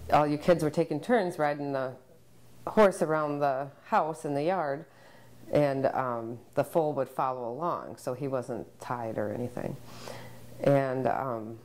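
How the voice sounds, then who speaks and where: A mother recounting a frightening family memory to the camera, emotional and halting, with many pauses. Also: deep voice, darkish tone. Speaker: interviewee, subject's mother.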